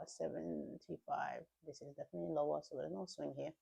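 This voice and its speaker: Low gravelly woman trading live. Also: fairly even intonation, fairly quick, few pauses, mellow. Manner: thinks aloud, talks to herself, slangy quips. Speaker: futures day trader streaming live.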